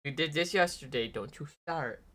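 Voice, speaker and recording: A man's voice: on the high side, moderate pace, bright, forceful tone. A man chatting casually on a live stream while he plays, rambling and swearing as he grumbles at the game.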